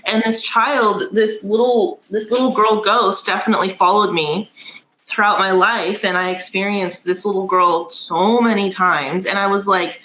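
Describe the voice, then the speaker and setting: A woman's voice: mid-range voice, steady tone, normal speed, pushed and bright, roomy sound, slight background noise, low-quality recording. A middle-aged woman hosting a podcast, telling stories casually with lots of fillers. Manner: chatty, storytelling with many fillers. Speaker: podcast host. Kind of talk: casual chat.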